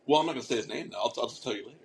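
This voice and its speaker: A man's voice: mid-range voice, racing, gravelly, noisy background. A man co-hosting a casual podcast, telling a rambling story with casual swearing and lots of restarts. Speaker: podcast co-host.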